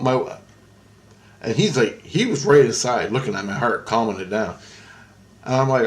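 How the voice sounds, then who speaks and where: Gravelly man telling a wild story. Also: medium pitch, moderate pace, pauses often. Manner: excitable, profane, acts out quotes in raised voice. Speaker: vlogger. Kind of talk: casual storytelling monologue.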